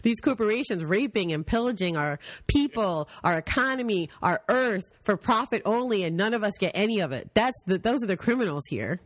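A woman's voice: medium pitch, a little fast, hardly any pauses, no room sound. A woman hosting a podcast in casual chat, blunt and profane, telling stories with mocking asides. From United States. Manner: blunt, profane, animated storytelling with mocking voices. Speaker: podcast host.

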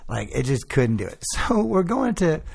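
A man in casual chat, telling profane, animated stories and doing quick voices. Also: fairly high pitch, creaky, slightly rough.

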